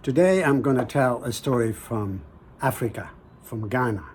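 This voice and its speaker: A man hosting a show and telling a folktale in a slow, gentle, pausing way with hushed asides. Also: medium pitch, expressive, slight background noise. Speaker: storyteller, host. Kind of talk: folktale storytelling.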